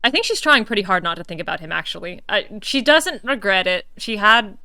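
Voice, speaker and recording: A woman's voice: medium pitch, expressive, a little fast, bright, forceful tone, clear, resonant tone, no echo. A woman streamer chatting casually over her gameplay, musing aloud and slipping into playful mock outrage. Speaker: let's-play streamer.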